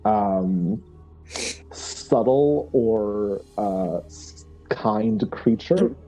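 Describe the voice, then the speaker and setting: In a lowish, mellow voice and at an extremely slow pace, a man playing a tabletop role-playing game explains his character's move. The audio is poor, and he sounds hesitant, restarting often, using lots of fillers, and laughing frequently.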